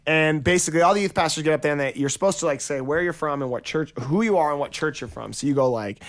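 Animated male youth pastor host. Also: fairly high pitch, fast talker. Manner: animated storyteller who acts out crowd cheers. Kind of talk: casual podcast chat.

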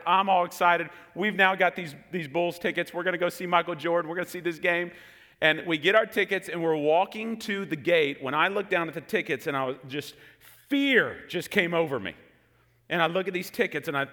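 Bright-voiced male pastor in a big reverberant hall. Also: on the high side. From Texas. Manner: animated storytelling with jokes to the room. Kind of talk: sermon. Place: large hall with an audience.

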